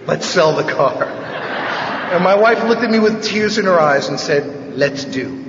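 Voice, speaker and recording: Man from the Bronx, fairly high voice, wry joking storyteller at a recovery meeting, caught from afar in a big echoing hall on a dull recording. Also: animated, a little slow, noisy background. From the Bronx, New York. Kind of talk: personal recovery talk, humorous storytelling. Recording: echoey hall, distant mic, dull sound.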